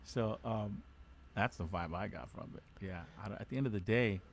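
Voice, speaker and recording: A man's voice: lowish voice, moderate pace, gravelly, a little hiss or hum. A man co-hosting a podcast, talking in a laid-back, joking way with many hesitations and fillers. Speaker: podcast co-host. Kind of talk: casual chat.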